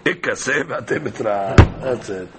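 A man's voice: medium pitch, a little slow, very noisy. A man teaching a daily Talmud class, reading the Aramaic text aloud and explaining it in casual, conversational English.

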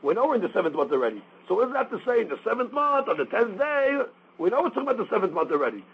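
A man's voice: sits high, big pitch swings, rapid-fire, fairly bright tone, slightly rough, rough recording. A man teaching a daily Talmud class, explaining step by step and mixing Aramaic quotes with English.

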